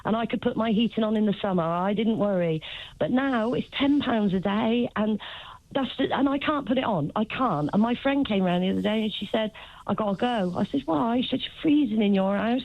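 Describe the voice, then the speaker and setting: A woman in her fifties calling in to a radio show, crying and pleading as she talks fast. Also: medium pitch, lively intonation, dry recording, dull audio. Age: 50s. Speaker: caller. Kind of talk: emotional phone-in call.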